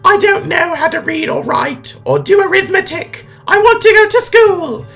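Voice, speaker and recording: A man voicing a whiny young boy wizard in a shrill, squeaky voice with drawn-out exclamations. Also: expressive, pushed and bright, faint music behind, heavily acted.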